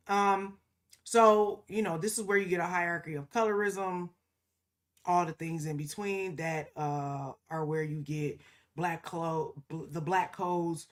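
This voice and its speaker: A woman co-hosting a podcast in casual, emphatic conversation, often punctuating her points with "okay?" and slipping into mocking quoted asides. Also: fairly low pitch. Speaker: podcast co-host.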